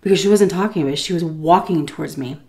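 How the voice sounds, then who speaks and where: While eating, a food vlogger from the United States in her thirties tells a lively, casual story, laughing often and acting out voices. She talks fast in a low voice.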